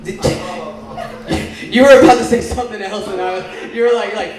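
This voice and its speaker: A high-pitched man works the crowd in loose, joking stand-up. He is recorded in a very echoey small bar with the audience clearly heard around him. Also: animated, unhurried. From Oklahoma. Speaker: stand-up comic. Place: small bar lounge stage.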